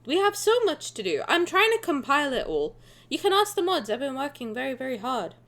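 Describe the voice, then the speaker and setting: A young woman streaming a reaction to a game trailer, excitable and gushing, swearing and laughing as she talks. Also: high voice, fairly quick. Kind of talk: casual live reaction chat.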